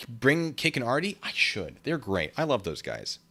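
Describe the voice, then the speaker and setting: A man's voice: mid-range voice, sing-song, measured pace, a bit bright, slightly rough. A man hosting a casual livestream, reading viewer comments aloud with lots of fillers and laughs. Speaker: livestream host reading chat.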